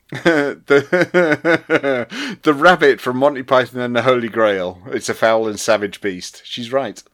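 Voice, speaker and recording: A man's voice: mid-range voice, slow, fairly bright tone. A man co-hosting a podcast, reading out listener comments, laughing often, stumbling over restarts and swearing casually. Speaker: podcast co-host.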